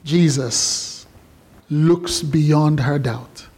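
Man, pastor, sermon, high voice, animated, conversational, playful. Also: very slow, slightly rough.

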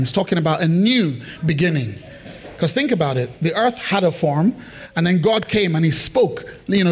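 A man preaching a sermon, emphatic and repetitive, who keeps turning to the congregation with questions. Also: high voice. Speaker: pastor.

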